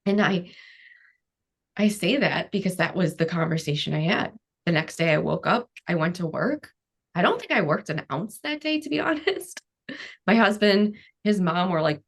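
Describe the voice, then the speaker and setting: Low gravelly woman telling her story. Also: expressive, moderate pace. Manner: frank, quotes her past self, many "like" fillers. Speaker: guest, cancer coach. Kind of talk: candid interview storytelling.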